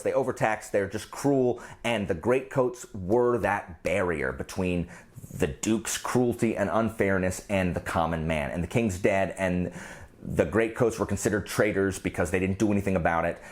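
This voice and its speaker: A man reviewing the books he read this month, gushing and excitable, with quick asides. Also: mid-range voice. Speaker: book reviewer. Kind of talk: casual monthly reading wrap-up.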